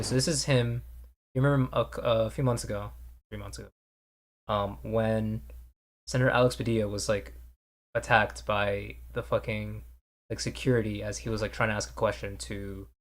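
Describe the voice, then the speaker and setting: A man's voice: lowish voice, level tone, normal speed, pauses often. A man streaming and reacting to news clips, casual and offhand, swearing a lot and mumbling asides. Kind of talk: casual live commentary.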